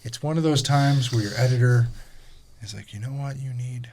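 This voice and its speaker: A man hosting a podcast, telling stories casually and lively, swearing and acting out the people in them. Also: mid-range voice, normal speed. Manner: animated, swearing, acts out voices in his stories. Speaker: podcast host. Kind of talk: casual storytelling chat.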